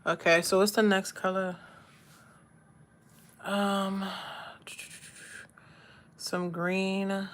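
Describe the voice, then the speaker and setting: A woman's voice: mid-range voice, creaky, slight background noise. A woman chatting casually with her livestream viewers while she does her makeup and reads comments aloud. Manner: laid-back, talks to chat, reads comments aloud. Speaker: livestream host.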